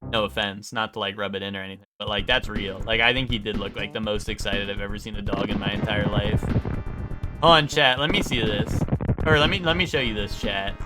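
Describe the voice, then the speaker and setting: A man streaming a video game, chatting casually and rambling with chat, swearing and often jumping up in pitch when excited. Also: a little fast, loud music behind the voice.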